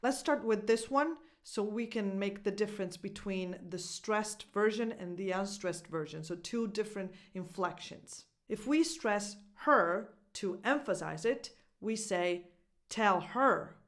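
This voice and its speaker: A woman, a native Italian speaker, teaching English pronunciation and carefully demonstrating phrases for listeners to repeat. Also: mid-range voice. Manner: clear, deliberate demonstrations with repeat-after-me drills. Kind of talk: pronunciation lesson.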